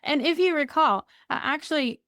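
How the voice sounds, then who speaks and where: A woman's voice: sits high, normal speed, fairly bright tone, dry recording, clean studio sound. A woman with a Southern US accent, a podcast guest chatting casually, rambling and laughing often. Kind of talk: casual conversation.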